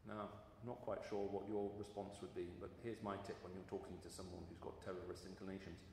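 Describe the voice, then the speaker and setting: A man's voice: deep voice, flat delivery, fast talker, mellow, slight background noise. A man giving a sermon, earnest and storytelling, with emphatic rises in his voice, recorded in a large hall. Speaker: preacher. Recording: echoey hall with long reverb.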